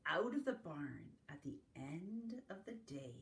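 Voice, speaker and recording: A woman reading farm-animal picture books aloud to young children in a slow, sing-song storytime manner, adding animal sounds along the way. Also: sits low, big pitch swings, gravelly, slight background noise. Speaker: family literacy facilitator. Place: home, recorded for an online circle.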